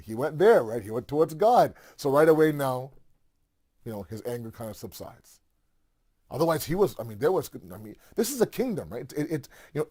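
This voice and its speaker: A man's voice: mid-range voice, a little mellow. A man telling a religious story in a casual, conversational way, with many fillers and asides.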